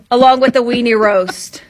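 A woman, a TV meteorologist, joining a radio show for casual, playful banter. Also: on the high side. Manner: playful, laughing easily. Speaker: TV meteorologist guest.

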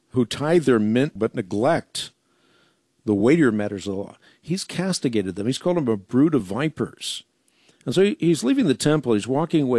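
A man's voice: medium pitch, darkish tone, no room sound, studio quality. A man teaching the Bible on a radio broadcast, explaining passages emphatically and stressing key words.

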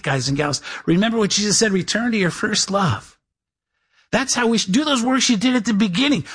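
High-voiced man preaching a sermon. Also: a bit bright. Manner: preaching with scripture readings and quoted imagined listeners. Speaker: pastor.

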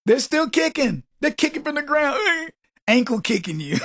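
A man's voice: extremely high pitch, wildly swooping pitch, takes it slowly, long pauses, fairly bright tone, no echo. A man hosting a talk radio show, brash and mocking, who laughs often and acts out other people's voices. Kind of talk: conservative talk radio monologue.

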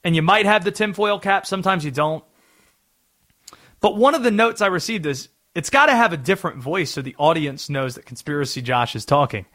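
A man's voice: on the high side, animated, a little fast, bright, forceful tone. A man from North Carolina hosting a sports talk radio show, talking in a chatty, explaining way.

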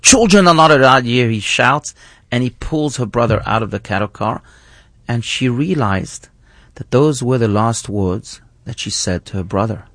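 A man's voice: fairly low pitch, a little slow, dry recording. A man, a rabbi, teaching thoughtfully in conversation and often restarting his phrases. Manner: thoughtful, earnest, with frequent restarts. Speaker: rabbi, guest.

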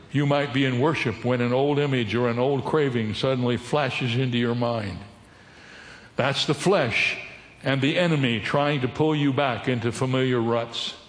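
A man preaching a sermon as a pastor, teaching and putting questions to his congregation. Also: mid-range voice. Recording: echoey hall with long reverb.

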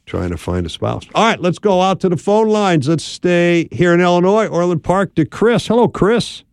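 A man's voice: high-pitched, sing-song, normal speed, dry recording. A man hosting a radio call-in show and giving folksy, friendly relationship advice from the studio. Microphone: studio mic.

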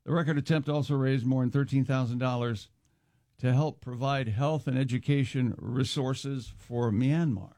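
A man's voice: medium pitch, steady tone, dark tone, no echo, clean studio sound. A man reading sports scores and odd news items on a radio show, joking with his co-hosts between items. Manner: joking, reads scores briskly.

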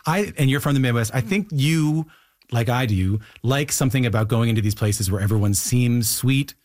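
A man's voice: mid-range voice, animated, moderate pace, darkish tone, dry recording. A man with a Newfoundland accent, hosting an interview and asking questions in a friendly, conversational way. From Newfoundland, Canada. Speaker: interview host.

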